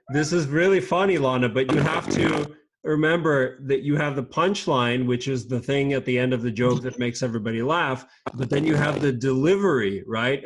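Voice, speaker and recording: Guy teaching kids over a video call, patient and encouraging, speaks slow and clear, middle pitch. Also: a bit bright. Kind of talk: teaching a children's class online.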